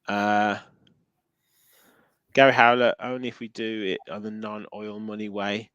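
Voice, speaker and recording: A man's voice: on the low side, level tone, a little slow, fairly bright tone, clean tone, dry recording, highs cut off. A man with a Midlands accent hosting a casual football podcast, chatting and reading out viewer comments with plenty of ums. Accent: English Midlands. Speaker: podcast host.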